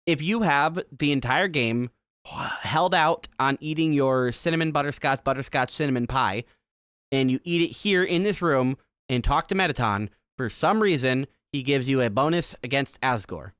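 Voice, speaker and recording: A man's voice: medium pitch, animated, moderate pace, fairly bright tone, clean tone, no room sound, studio quality. A man in casual podcast chat, explaining a video game in a laid-back way.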